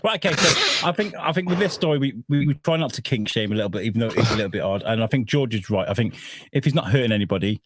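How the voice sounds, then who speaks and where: A man's voice: medium pitch, lively intonation, quick pace, very noisy. A man co-hosting a podcast in casual banter, joking and laughing often. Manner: joking, laughs often, puts on silly dubbed voices. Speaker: podcast co-host.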